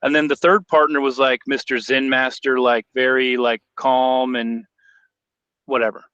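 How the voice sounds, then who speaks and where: A man's voice: medium pitch, flat delivery, measured pace, a bit bright, smooth, no echo, lo-fi sound. A man co-hosting a podcast, telling loose joking stories in casual chat. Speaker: podcast co-host.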